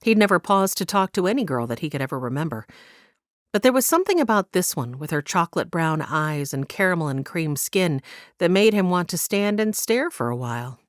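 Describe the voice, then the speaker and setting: Female audiobook narrator, low register, dry studio read. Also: sing-song, brisk, no echo. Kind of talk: scripted narration.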